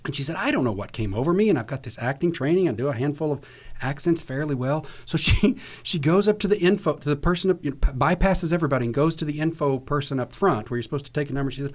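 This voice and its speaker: A man co-hosting a podcast, telling a show-business anecdote with animated energy and acting out the quoted lines. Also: a little high, fast. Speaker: podcast co-host. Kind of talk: casual chat.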